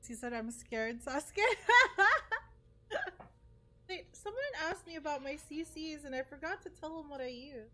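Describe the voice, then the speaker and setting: A woman streaming a game, excitable and playfully dramatic, who breaks into mock wailing. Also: sits high, a little fast, hardly any pauses. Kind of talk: casual gameplay commentary. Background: music.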